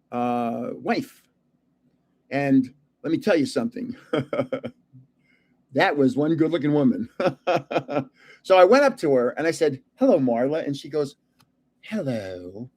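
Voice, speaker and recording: An older man chats about his past in a loose, rambling way, chuckling between stories. His voice sits a little high for a man. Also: a little mellow. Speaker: card channel host. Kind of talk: casual storytelling chat.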